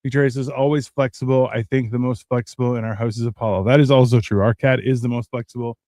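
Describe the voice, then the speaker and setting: A man's voice: medium pitch, fairly even intonation, fast, warm tone, dry recording, studio quality. A man hosting a casual podcast chat, reflective and wry, often restarting his sentences. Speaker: podcast host.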